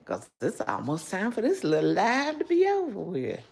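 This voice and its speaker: A woman's voice: medium pitch, wildly swooping pitch, normal speed, gravelly, a little mellow, slight background noise. An older woman hosting a casual cooking livestream, chatty and homey, talking straight to her viewers through a phone. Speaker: cooking channel host.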